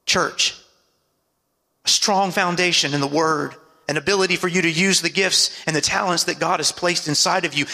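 A man preaching a sermon as pastor, calling out to the congregation for amens and dropping his voice low for emphasis. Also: gravelly, pushed and bright, long reverb tail. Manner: preaching with call-and-response asides and dramatic drops in pitch.

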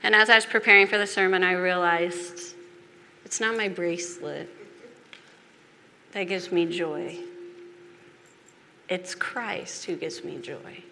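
A woman delivers a confessional sermon, earnest and heavy on repetition. Her tone is bright and her pace unhurried. The voice carries a long hall reverb over faint background noise. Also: medium pitch. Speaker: preacher. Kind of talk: personal testimony sermon.

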